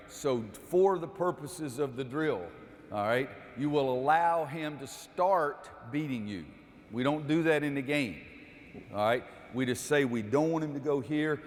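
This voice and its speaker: An older male basketball coach runs a drill and teaches as he goes, switching between patient explanation and clipped, repeated calls. His voice sits at an ordinary middle pitch for a man. The recording rings with the long reverb of a large gym. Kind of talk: coaching clinic on court.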